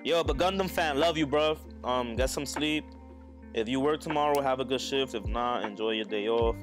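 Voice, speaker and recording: A man in casual live-stream chat, joking crudely and laughing as he talks to his viewers. His voice sits at an average pitch, and clear music plays underneath the whole time. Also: moderate pace. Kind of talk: casual live-stream chat while building a model kit.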